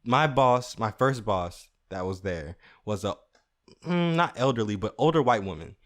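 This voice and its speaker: A young adult man hosting a show, telling comedic stories in a casual, animated way, swearing freely. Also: lowish voice, normal speed. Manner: animated, swearing, laughing at his own stories. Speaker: podcast host.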